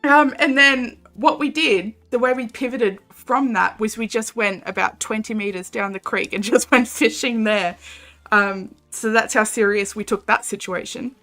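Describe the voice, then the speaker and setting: A woman's voice: a little high, moderate pace, sharp tone, faint music behind. A young Australian woman chatting casually and animatedly while streaming a game, reading chat and laughing often.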